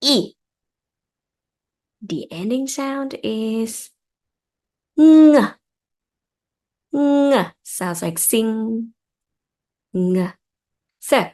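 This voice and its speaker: A woman's voice: fairly high pitch, lively intonation, a little mellow. Patient Thai-accented woman teaching reading. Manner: patient, repeats words slowly for learners. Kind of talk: step-by-step reading lesson.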